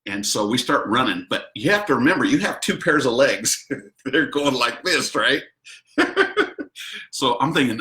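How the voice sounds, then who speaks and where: A man's voice: medium pitch, animated, normal speed, sharp tone, roomy sound. A man hosting a video, telling a personal story casually and animatedly, acting out quotes and laughing often. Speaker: host.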